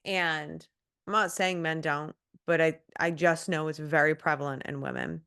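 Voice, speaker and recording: A woman's voice: low voice, steady tone, normal speed, fairly bright tone, smooth. A woman who used to be a police officer, talking bluntly and emphatically in a casual interview, now and then swearing. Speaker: guest, former police officer and coach.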